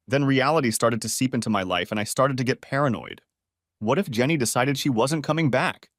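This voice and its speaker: A man reading a first-person story aloud as a channel narrator, in a steady, even manner. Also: mid-range voice, no echo, studio quality.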